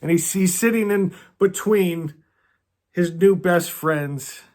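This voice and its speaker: A man hosting a casual book club, talking earnestly and emotionally, often stumbling over restarts and sinking into a soft hush. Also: high voice, slow. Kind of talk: casual book discussion with read-aloud passages.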